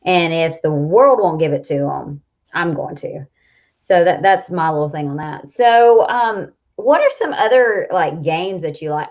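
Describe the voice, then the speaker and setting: A woman's voice: medium pitch, a little mellow. A woman in her thirties with a Southern accent, chatting animatedly as a coach and co-host, often laughing. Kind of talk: casual chat. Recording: dull lo-fi audio.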